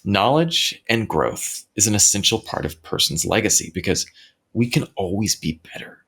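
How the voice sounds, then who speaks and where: Deep gravelly guy hosting his podcast, earnest, keeps restarting his sentences. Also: very animated, fairly bright tone. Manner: earnest, halting with repeated restarts. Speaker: podcast host. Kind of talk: reflective solo talk. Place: home recording setup.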